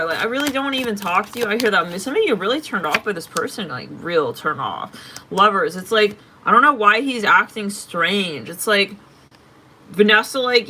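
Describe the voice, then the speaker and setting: A woman reading tarot cards for her audience in a loose, chatty way. Her voice is bright and forceful, and she is blunt and openly exasperated, with plenty of swearing thrown in. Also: mid-range voice, sing-song, moderate pace, a little hiss or hum. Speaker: tarot reader. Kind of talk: casual tarot reading to camera.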